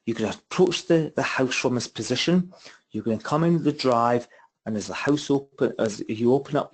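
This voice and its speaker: A man's voice: medium pitch, darkish tone, breathy edge. Man, property mentor, webinar talk, chatty, rhetorical questions, computer mic. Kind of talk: webinar presentation. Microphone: computer mic on a webinar call.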